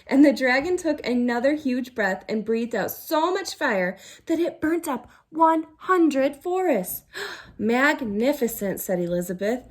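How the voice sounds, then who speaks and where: A woman teacher reading a picture book aloud to children, animated, gasping and asking the listener questions. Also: high voice, measured pace. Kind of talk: storytime read-aloud for children.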